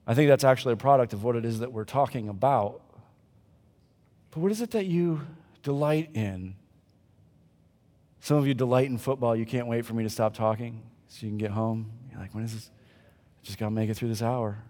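A male pastor preaching a conversational sermon at a church service, swinging between loud emphasis and quiet asides to the congregation. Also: mid-range voice, moderate pace, long pauses, big-room sound.

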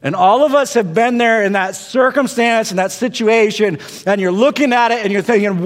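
Male pastor, fairly high voice, dynamic sermon delivery swinging between loud and hushed, long reverb. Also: normal speed, few pauses. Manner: dynamic preaching, rising to intense peaks and dropping to hushed tones.

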